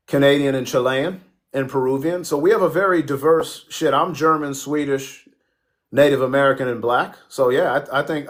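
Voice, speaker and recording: A male livestream host chatting loosely with his viewers. He jokes, swears freely and talks back to comments as they arrive, in an easygoing, mid-pitched voice. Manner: profane, joking, reacts to chat. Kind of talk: casual livestream chat reading comments.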